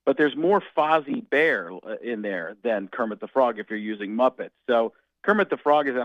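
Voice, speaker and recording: A man being interviewed as a comedian guest, talking in an animated, jokey way that slides into impressions. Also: mid-range voice, normal speed, few pauses, dry recording, muffled recording. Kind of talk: casual radio interview.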